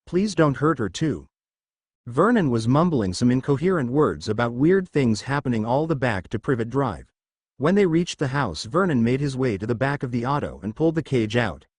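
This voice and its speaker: Man narrating a story, expressive. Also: mid-range voice, no room sound, clean studio sound.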